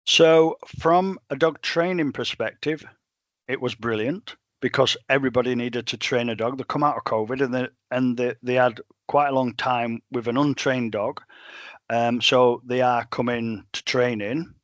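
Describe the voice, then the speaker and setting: Chatty dog trainer. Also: male voice, mid-range voice, normal speed, no echo, dull audio. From England. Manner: animated, chatty, plain-spoken. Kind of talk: storytelling in a podcast interview.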